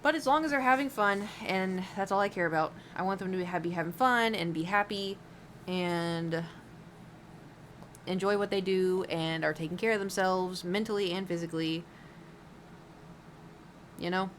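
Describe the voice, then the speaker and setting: A woman's voice: fairly low pitch, normal speed, long pauses, fairly bright tone, a little hiss or hum. A woman streamer chatting casually while painting, rambling with lots of fillers and giggles.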